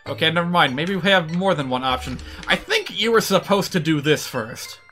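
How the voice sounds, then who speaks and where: A man's voice: a little high, expressive, normal speed, bright, forceful tone, faint music behind. A man giving casual, joking commentary while streaming a video game. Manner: chatty, joking asides with laughs.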